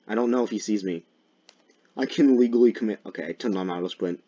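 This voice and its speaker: A young man giving jokey gameplay commentary as a video creator, often breaking into loud, mock-dramatic shouts. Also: on the low side, quick pace, breathy edge, dull audio.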